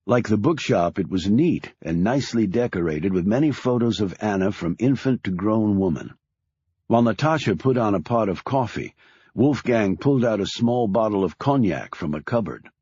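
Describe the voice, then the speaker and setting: A man narrating a thriller audiobook in a measured storytelling way. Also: fairly low pitch, animated, darkish tone, slightly rough, dry recording, highs cut off.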